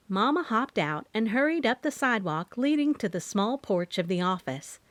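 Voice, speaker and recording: Expressive woman audiobook narrator. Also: mid-range voice, no room sound. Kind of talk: first-person audiobook narration.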